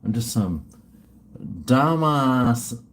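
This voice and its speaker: Slow rambling middle-aged man. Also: mid-range voice, lively intonation. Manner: rambling, mumbling, trails off, swears often. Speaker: livestream host. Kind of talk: casual livestream chat reading super chats.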